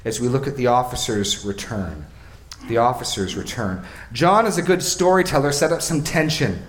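A man's voice: medium pitch, expressive, moderate pace, reverberant, a little hiss or hum. A male pastor preaching an expository sermon. He asks questions of his listeners and repeats phrases for emphasis.

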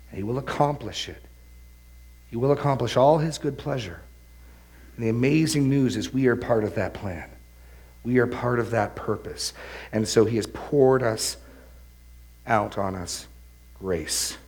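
A man's voice: medium pitch, a little mellow. A man preaching a sermon, earnest and emphatic, often repeating words. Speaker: pastor.

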